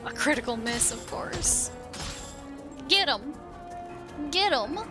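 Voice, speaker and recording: A young woman streaming a game live, chatty and excitable, laughing and reacting to the action. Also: high voice, slow pace, over music. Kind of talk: live gameplay commentary.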